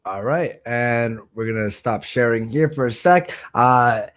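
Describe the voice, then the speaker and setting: A man's voice: medium pitch, a little slow, a bit bright. Casual man reading stream donations. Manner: loose and joking, stumbling over viewer names. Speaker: stream host.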